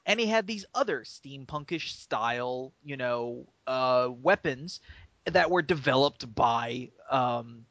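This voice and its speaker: A man's voice: medium pitch, takes it slowly, dry recording, highs cut off. A man co-hosting a podcast in casual chat, telling stories with enthusiasm. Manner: animated storyteller, enthusiastic. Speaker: podcast co-host.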